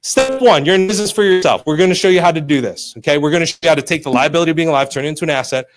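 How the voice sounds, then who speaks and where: Over music, a man races through an emphatic motivational pitch to a live business seminar audience. He repeats key phrases and quizzes the crowd, pushily teasing them to keep up and telling them to stop.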